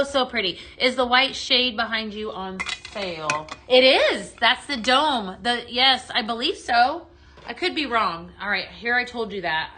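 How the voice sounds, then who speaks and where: A woman's voice: on the high side, sharp tone. A woman hosting a chatty live home-decor sales stream from her home, reading viewer comments aloud.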